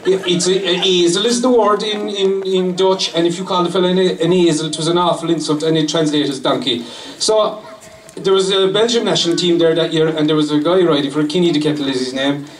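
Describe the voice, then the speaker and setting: A man's voice: on the high side, fairly even intonation, brisk, hardly any pauses. An Irish man, a former racer, giving a laughing, anecdotal speech to a crowd at a celebration. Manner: laughing storyteller who acts out quotes. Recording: distant mic, echoey, crowd noise.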